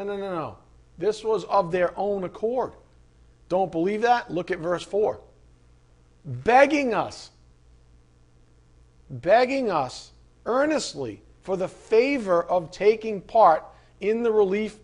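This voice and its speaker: A man preaching a sermon, conversational and animated, asking the listeners rhetorical questions. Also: high voice, a little slow. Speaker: pastor.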